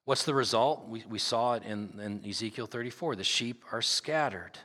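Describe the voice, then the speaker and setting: A man's voice: on the low side, normal speed, bright, forceful tone. A man preaching a sermon as pastor, reading scripture aloud and stressing his points by repeating them. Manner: emphatic preaching with repeated phrases; reads scripture aloud at length. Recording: long hall reverb.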